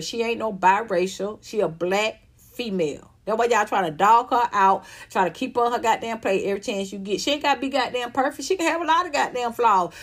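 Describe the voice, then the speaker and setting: Emphatic, profane woman in her fifties. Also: on the high side. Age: 50s. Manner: emphatic, profane, repeats herself. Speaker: vlogger. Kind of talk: ranting monologue.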